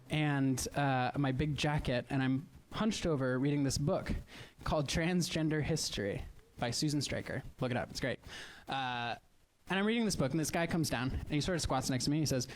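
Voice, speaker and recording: Fairly high-pitched, with a little hiss or hum in the background, this Midwestern American comic performs stand-up live on stage. He spins his stories wryly and conversationally, dropping in fast asides.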